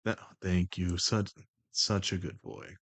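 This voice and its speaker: A sultry, deep-voiced male charmer, put on by a streamer, speaks in slow, low, coaxing tones full of doting praise. His voice sits low and close on a dry, deadened mic with no room sound. It is a live stream persona bit. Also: little pitch movement, no echo.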